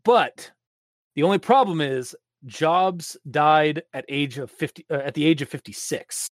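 Casual male co-host, bit higher voice, expressive, laughs often, dry recording. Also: a little slow, no echo. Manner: animated, laughing, exaggerated reactions. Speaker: podcast co-host discussing a story. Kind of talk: casual chat with story readings.

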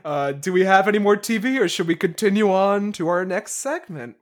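Giggly, animated woman reviewing movies. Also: medium pitch, brisk. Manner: animated, giggly, acts out quotes. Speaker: podcast co-host. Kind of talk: casual chat, movie reviews.

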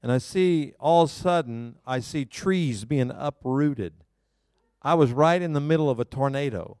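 A male pastor preaching a sermon to a congregation, telling a personal story in an animated, self-mocking way and laughing often. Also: medium pitch, moderate pace, clean tone, no echo, studio quality. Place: church service before a live congregation.

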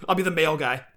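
An enthusiastic man co-hosting a casual podcast, tossing in "dude" as he talks. His voice is bright and forceful. It sits somewhat high for a man. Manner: enthusiastic, says "dude" a lot. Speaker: podcast co-host.

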